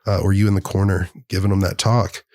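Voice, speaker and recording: Man, podcast host, low voice, dry close sound, casual searching questions. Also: level tone, fast, a little mellow, dry recording. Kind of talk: casual interview.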